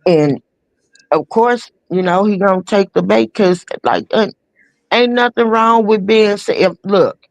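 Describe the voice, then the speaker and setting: A woman's voice: medium pitch, a little slow, vocal fry, dry recording. Blunt woman giving opinions, dry sound. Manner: blunt and emphatic, laying out her opinion. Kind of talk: casual opinion talk.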